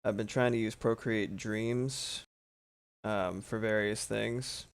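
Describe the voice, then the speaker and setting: A man's voice: lowish voice, fairly even intonation, takes it slowly, creaky, clean tone. A man chatting casually on a live stream while he draws, rambling, swearing freely and mocking himself, yawning now and then. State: sleepy, yawning. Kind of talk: casual chat while drawing.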